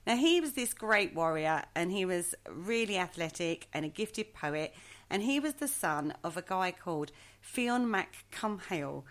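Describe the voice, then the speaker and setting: A woman's voice: on the low side, lively intonation, unhurried. A woman co-hosting a podcast, telling a legend in a chatty, hesitant way and poking fun at her own pronunciation. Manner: hesitant, chatty, self-mocking. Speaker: podcast co-host. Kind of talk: casual storytelling chat.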